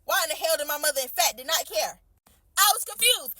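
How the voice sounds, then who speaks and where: A woman's voice: high voice, expressive, fast talker, pushed and bright. A young woman chattily retelling a family story in a casual, slangy way, full of fillers.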